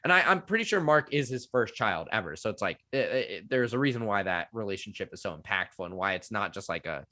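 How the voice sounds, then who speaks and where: A man's voice: fairly low pitch, animated, quick pace, hardly any pauses, bright, forceful tone. A young man co-hosting a casual show review, talking eagerly and rambling with lots of fillers. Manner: eager, rambling, heavy use of "like". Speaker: podcast co-host reviewing a TV show.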